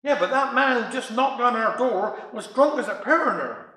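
A man's voice: very high voice, expressive, moderate pace, sharp tone, reverberant, exaggerated voice. A man voicing a grumpy, sleepy husband, curt and grumbling.

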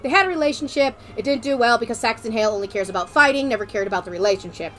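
A woman streamer chatting casually, excitable and rambling, often breaking into giggles. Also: a little high, rapid-fire, soft background music. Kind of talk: casual chat.

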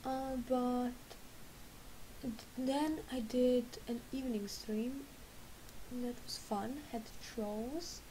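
Sleepy late-20s woman rambling through her gaming vlog at home, kinda high voice, soft mellow tone. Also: steady tone, takes it slowly, pauses often, slight background noise, low-quality recording. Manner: rambling, chatty, self-correcting. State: sleepy, just woke up. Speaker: vlogger and gamer. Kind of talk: casual chat.

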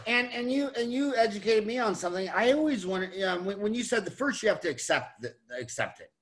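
A man's voice: high voice, expressive, fairly quick, a bit bright, a little hiss or hum. A man hosting a podcast interview, rambling casually and restarting his sentences often. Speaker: podcast host.

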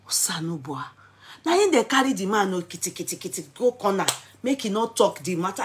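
A middle-aged woman with a Nigerian accent telling a story in a vlog, mixing Pidgin with English and rising into dramatic, excited exclamations. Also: medium pitch, fairly quick. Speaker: vlogger.

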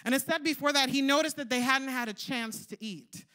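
A young woman delivers a sermon with a high, bright voice. She talks in a loose, conversational way, spinning stories and leaning on "like" and "you know" as she goes. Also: a little fast. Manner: chatty, storytelling, lots of "like" and "you know". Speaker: preacher.

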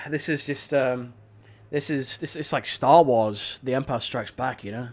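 A man's voice: medium pitch, fairly even intonation, measured pace, a little hiss or hum. A young man, chatting in laid-back banter while gaming. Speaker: gamer. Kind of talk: casual chat while gaming.

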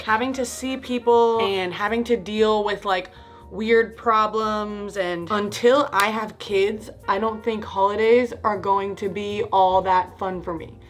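A woman in her early twenties talking casually to the camera in a confessional vlog, rambling and frustrated, thinking out loud with many fillers. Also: mid-range voice. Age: 20s. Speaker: vlogger. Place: indoors at home, doing makeup.

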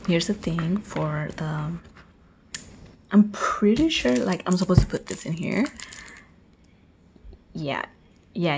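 A woman vlogging an unboxing, gushing with excitement and often dropping into breathy whispered exclamations. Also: lowish voice, background noise. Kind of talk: unboxing video.

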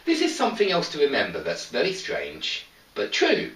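A man teaching an English grammar lesson, explaining slowly and stressing each example sentence. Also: a little high, huge pitch swings, a bit bright. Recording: echoey room, mic at a distance.

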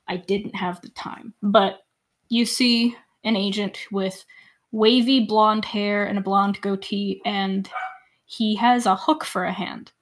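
A woman running a tabletop role-playing game as game master, narrating scenes with quick laughs. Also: medium pitch. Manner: animated, laughs while narrating.

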